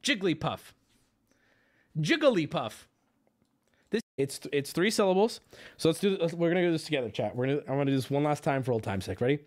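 A man's voice: on the high side, lively intonation, a little fast, long pauses. A man livestreaming and talking casually to his chat, rambling, joking and swearing freely. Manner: rambling, profane, jokey.

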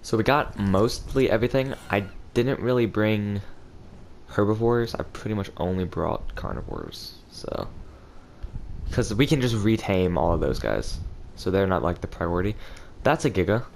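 Stuffy-nosed young man with a low voice. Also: very animated, normal speed, creaky, darkish tone, a little hiss or hum. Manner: rambling, thinking aloud while playing. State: stuffy nose from a cold. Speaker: gaming channel host. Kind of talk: casual gameplay commentary.

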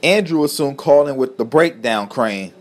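A man's voice: mid-range voice, lively intonation, moderate pace, faint music behind. Man reading a storybook tale. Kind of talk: amateur storybook narration.

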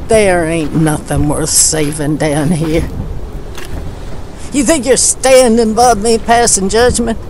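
Destitute woman ranting in a storm, slow and gravelly delivery, audio drama. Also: lowish voice, darkish tone, slight background noise. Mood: furious. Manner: furious ranting, drawling rural speech. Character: destitute older woman raging in the rain. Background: rain.

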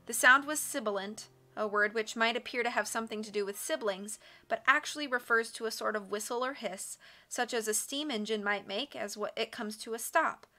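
A woman narrates an audiobook in a measured, expressive way, her voice bright and forward. She sits a little high for a woman, with soft music running faintly behind her. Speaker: audiobook reader on a stream.

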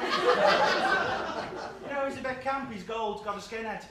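A man's voice: extremely high pitch, expressive, normal speed, heavy reverb, very noisy. A man doing camp, gossipy, bawdy stand-up in character, laughing through his lines. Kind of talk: live stand-up character comedy. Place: small live comedy venue with audience. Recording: live theatre recording from a distance with loud crowd.

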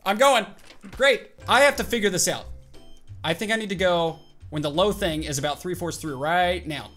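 A man giving live commentary while playing a video game, excitable and reactive, bursting into yelps and shouts. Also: fairly high pitch, brisk, faint music behind. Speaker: gaming channel host.

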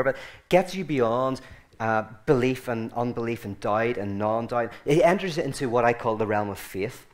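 Irish man, guest speaker, casual and digressive, restarts a lot, humor-laced storytelling. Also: mid-range voice. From Ireland. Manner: rambling, self-correcting, joking. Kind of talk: informal talk to a group.

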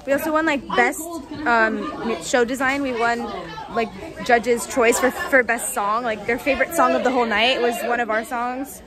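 A teenage girl filming a vlog at a competition, excitable and chatty, full of fillers. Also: fairly high pitch, normal speed. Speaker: vlogger. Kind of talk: excited casual vlog chat. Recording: phone in a crowded hall. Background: crowd chatter.

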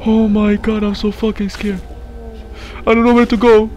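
Panicky high-voiced young man screaming. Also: little pitch movement, moderate pace, dark tone, soft background music. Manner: panicky, swears and screams often. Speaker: gaming YouTuber. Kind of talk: horror game playthrough commentary.

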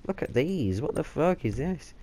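A man's voice: fairly high pitch, big pitch swings, normal speed, mellow. A man, swearing and joking constantly while commentating on his gameplay. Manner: sweary, joking, laughs often. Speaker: gaming channel host.

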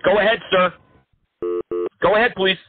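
A man's voice: high voice, fairly even intonation, moderate pace. A man prank-calling phone scammers in a mocking, taunting way, swearing freely. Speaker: scam baiter. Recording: tinny phone line.

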